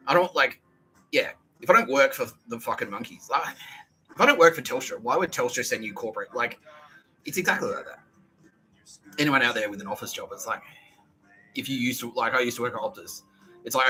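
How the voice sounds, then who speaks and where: A man's voice: mid-range voice, expressive, brisk, pauses often, pushed and bright, slight background noise, poor audio. A man with an Australian accent, hosting a podcast, telling a rambling story full of swearing and laughter. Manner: profane, laughing, agitated storytelling. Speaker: podcast host. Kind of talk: rambling monologue.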